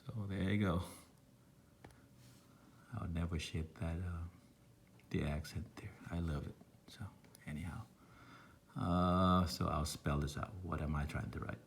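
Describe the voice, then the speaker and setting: A man's voice: low-pitched, fairly even intonation, a little slow, vocal fry, pauses often, slight background noise. A man from Laos with a thick Lao accent, a math teacher thinking aloud through a recorded online lesson with meandering, self-deprecating asides.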